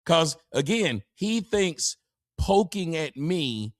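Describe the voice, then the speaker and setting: A man's voice: fairly high pitch, very animated, slow pace, no room sound, studio quality. A male commentator in a played clip, speaking with mocking contempt in a preacher-like cadence.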